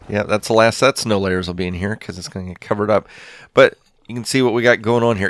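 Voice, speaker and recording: A man's voice: lowish voice, normal speed, no room sound. A man giving casual, rambling commentary over his own game, thinking aloud as he plays. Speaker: Minecraft let's play host.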